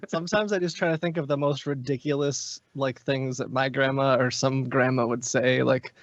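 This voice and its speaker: A man's voice: mid-range voice, fairly even intonation, moderate pace, dry recording. A man chatting as a podcast guest, loose and rambling with lots of filler words. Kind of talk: casual podcast chat. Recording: dull, muffled podcast audio.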